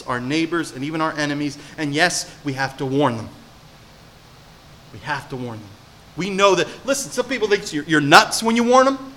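Bright, forceful man preaching. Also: fairly high pitch, a little fast. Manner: animated, swinging between hushed and loud, questions the audience. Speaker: pastor. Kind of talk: sermon.

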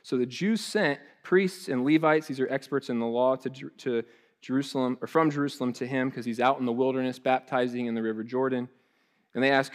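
A man preaches in a relaxed, talky style. He often restarts his phrases and drifts into friendly asides, and his pitch sits in the middle range for a man. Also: a little fast. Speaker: pastor. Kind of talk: sermon.

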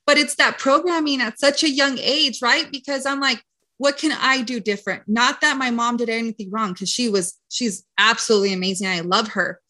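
A young adult woman hosting a podcast, talking emphatically and casually, her voice jumping high when she gets excited. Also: brisk, few pauses. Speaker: podcast host. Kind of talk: casual conversation.

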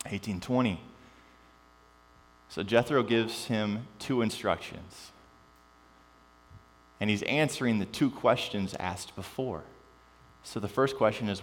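A man preaching a sermon, animated and joking at times, then dropping to quiet emphasis. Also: on the low side, slow pace, pauses often. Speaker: pastor. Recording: long reverb with mains hum.

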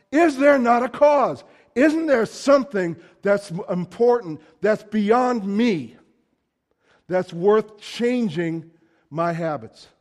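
A man's voice: high-pitched, a little mellow. A man preaching a sermon in a conversational, emphatic way, acting out quoted lines.

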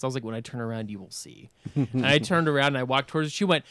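A man spins a story in casual podcast chat, animated and full of swearing, laughing as he talks. His voice is bright and forward, recorded close and dry with no room sound. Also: mid-range voice, fast talker, no room sound. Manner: animated, swears a lot, laughs while telling. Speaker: podcast guest. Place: podcast studio.

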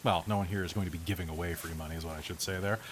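A man running a tabletop role-playing game as game master, narrating in a relaxed, chatty way with frequent fillers. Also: deep voice, very fast, a little hiss or hum.

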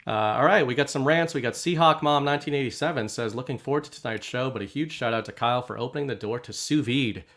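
A man's voice: medium pitch, quick pace, hardly any pauses, fairly bright tone. A man co-hosting a casual podcast, reading out viewer messages in an easygoing way. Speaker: podcast co-host.

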